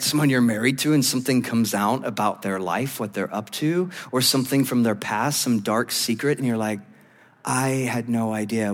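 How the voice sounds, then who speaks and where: A man's voice: mid-range voice, in a large hall. A male pastor preaching a sermon in a church, telling stories animatedly and laughing often.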